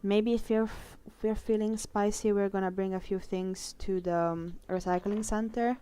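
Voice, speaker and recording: A woman's voice: medium pitch, fairly even intonation, normal speed, warm tone, clean tone. A young woman chatting casually while she draws on a live art stream, rambling from story to story, swearing lightly and laughing often. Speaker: artist streaming a drawing session. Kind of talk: casual chat while drawing.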